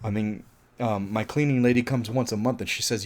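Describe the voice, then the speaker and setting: A man's voice: lowish voice, fairly quick. A man giving a casual, rambling film review. He swears freely, laughs, and trips over his words as he goes. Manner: rambling and animated, swears often, laughs, restarts a lot.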